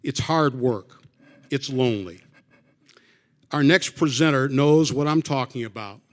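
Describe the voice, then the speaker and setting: A man's voice: mid-range voice, a little slow. A man emceeing a hall of fame banquet, joking wryly between speakers and introducing the next presenter. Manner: wry, joking, conversational.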